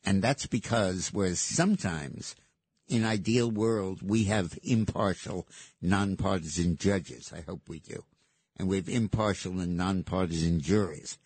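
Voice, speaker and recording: A man's voice: sits low, unhurried, a little mellow, breathy edge, no echo. A man hosting political talk radio, speaking in an emphatic, sardonic way. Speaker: radio talk show host.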